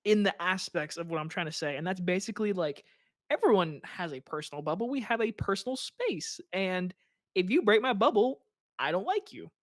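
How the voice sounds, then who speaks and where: A young man co-hosting a podcast in casual chat, laughing often and tossing in quick mock voices. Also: sits high, expressive, dry recording, studio quality. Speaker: podcast co-host.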